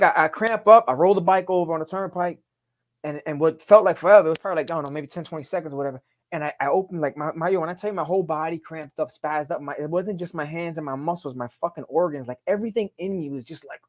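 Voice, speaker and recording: A middle-aged man tells his story in a rapid, unfiltered stream. His talk is emphatic and full of street profanity, casual and direct. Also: on the high side. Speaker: podcast guest.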